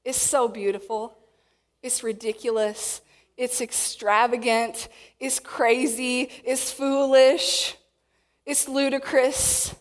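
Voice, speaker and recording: A woman's voice: on the high side, slow pace. Woman preaching in a reverberant hall. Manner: animated, acts out quotes. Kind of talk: sermon. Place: church hall with audience.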